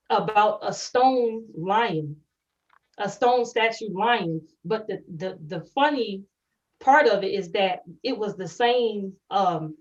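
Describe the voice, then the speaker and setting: A woman's voice: mid-range voice, darkish tone. Woman, podcast co-host, explanatory, working through examples; sits back from a dull mic. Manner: explains step by step with examples, repeats words as she thinks. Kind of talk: educational podcast discussion. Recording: distant muffled mic.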